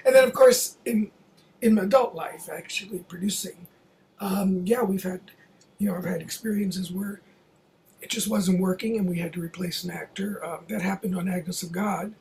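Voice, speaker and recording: An older theater producer recounts a story from a long career in a relaxed, conversational way. The telling wanders with fillers and restarts and keeps breaking into quoted dialogue. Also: medium pitch, normal speed, a little hiss or hum, poor audio. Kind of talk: anecdotal storytelling.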